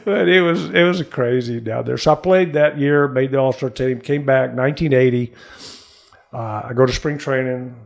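Older male interview guest, gravelly voice, lively storyteller acting out the quotes, studio sound. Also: medium pitch, normal speed. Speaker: interview guest, former pro baseball player. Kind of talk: animated storytelling in conversation.

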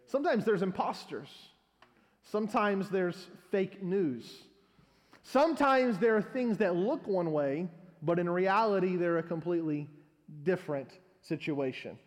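A man's voice: high-pitched, expressive, measured pace, long reverb tail. A male pastor preaching a sermon, telling a long humorous story as an illustration.

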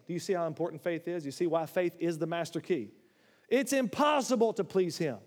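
A man preaching a sermon in a church, animated, swinging between loud, high exclamations and low, quiet asides. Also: brisk. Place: church sanctuary. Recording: long hall reverb.

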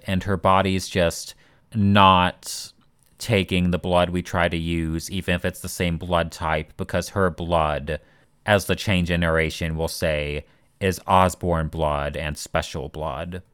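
A man in casual podcast chat, talking slowly and bluntly with plenty of swearing. His voice is smooth and clear, a little low. The sound is dry and close. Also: no echo. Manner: blunt, swears freely, rambling asides. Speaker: podcast co-host.

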